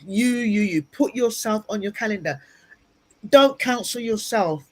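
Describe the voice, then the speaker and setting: In an animated, unhurried, mid-range voice, a woman interviewed as a guest speaker and ministry leader shares earnest, motivational advice. She reiterates her key points for emphasis, and the sound comes through a video-call microphone.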